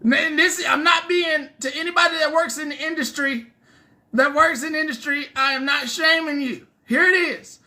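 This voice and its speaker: A man's voice: extremely high pitch, moderate pace, sharp tone. A man hosting a comedic news show in a loose, rambling monologue, laughing at his own jokes.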